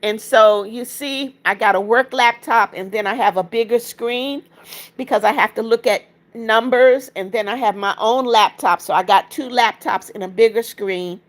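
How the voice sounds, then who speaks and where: A woman with a slightly high voice speaks at a normal speed while hosting a casual livestream from her apartment. She chats, reads viewer comments aloud, and shows viewers around.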